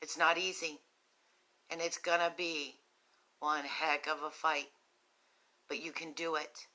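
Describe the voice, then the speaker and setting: This is an earnest live-stream talk: a West Virginian host of a recovery nonprofit's video speaks gently and slowly to those facing addiction. She has a cough and a cough drop in her mouth, and her steady low voice is bright and clear, punctuated by frequent ums.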